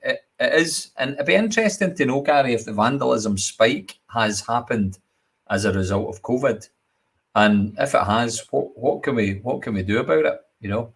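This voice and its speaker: A man's voice: medium pitch, normal speed, vocal fry, breathy edge. A man with a Scottish accent hosting a casual live chat show, jokey and chatty. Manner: jokey, chatty, laughs often.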